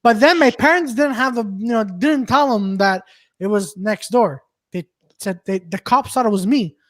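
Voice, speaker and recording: A man's voice: sits high, normal speed, fairly bright tone, dry recording, studio quality. A man telling a story on a comedy podcast, rambling and restarting his sentences often. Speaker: podcast co-host. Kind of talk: casual storytelling.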